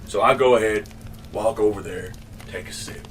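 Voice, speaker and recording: A man's voice: on the low side, moderate pace, recorded from a distance, a little hiss or hum. Rambling man telling a story off-mic. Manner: rambling, with restarts and mild swearing. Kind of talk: casual comedic storytelling.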